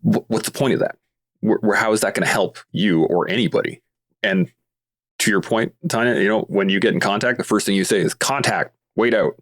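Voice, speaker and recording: A man's voice: on the low side, brisk, a bit bright. A man from Canada, a guest on a podcast, talking earnestly and explaining his points through everyday analogies. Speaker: podcast guest, veteran advocate. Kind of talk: casual podcast conversation.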